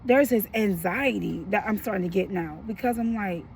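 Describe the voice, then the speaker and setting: A woman's voice: mid-range voice, normal speed, darkish tone, husky, poor audio. A woman in her thirties talking frankly to her viewers in a personal vlog, emotional and slangy, with a frustrated edge. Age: 30s. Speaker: vlogger.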